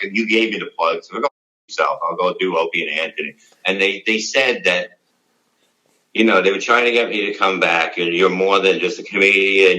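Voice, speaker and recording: Deep-voiced middle-aged guy, bright edgy tone, swears a lot, rambles through stories. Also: poor audio. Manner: blunt, profane, rambling storytelling. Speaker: interview guest, former radio show staff. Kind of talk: casual interview.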